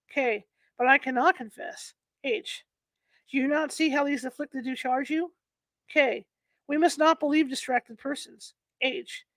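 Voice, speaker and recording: A woman's voice: high voice, dry recording. A woman reading an old court transcript aloud, stumbling and restarting over the archaic wording.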